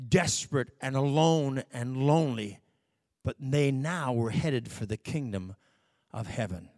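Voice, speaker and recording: A man preaching through a personal story at an unhurried, drawn-out pace. His voice is fairly high for a man and has a tight, close, dry sound. He is folksy, with little slips and fillers, and moves between quiet asides and loud bursts. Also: no echo. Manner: slow, drawn-out storytelling that swings from hushed to loud; folksy, with fillers and self-corrections. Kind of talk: storytelling sermon testimony.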